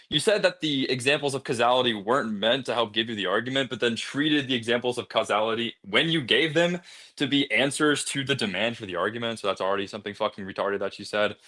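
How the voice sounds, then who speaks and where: A man debating online in a rush of words, his voice bright and forceful. He is aggressive and profane and mocks his opponent at every turn. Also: medium pitch.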